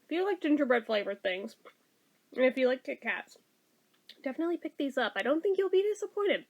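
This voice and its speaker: A woman's voice: sits high, animated, brisk, dull audio. Chatty woman reviewing snacks. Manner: chatty, talks while chewing. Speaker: food review vlogger. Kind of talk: casual taste-test review.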